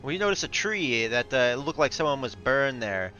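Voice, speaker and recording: A man's voice: medium pitch, big pitch swings, normal speed, pushed and bright, faint music behind. A man playing a tabletop game, asking probing questions in character, in a dull lo-fi recording. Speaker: player.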